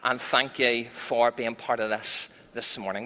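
A man leading a children's talk in church, telling a Bible story in an expressive, storytelling way. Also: medium pitch, measured pace. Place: church hall. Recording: echoey church hall.

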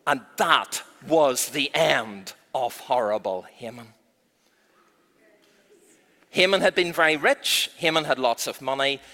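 Bright, animated man leading a children's Bible talk in an echoey church hall. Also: medium pitch, takes it slowly, long pauses. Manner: animated, expressive storytelling.

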